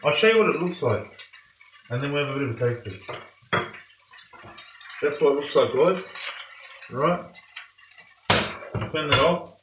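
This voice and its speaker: A man's voice: on the high side, measured pace, pauses often, noisy background. A man chatting enthusiastically to his viewers while cooking at home in his kitchen. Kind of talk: casual cooking vlog. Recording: echoey kitchen with pots and pans.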